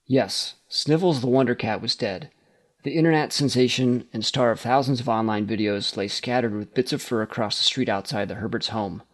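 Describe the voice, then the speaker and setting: A man narrates a story aloud in a mid-pitched, steady reading voice. He keeps an even storytelling pace and lifts his voice a little whenever characters speak.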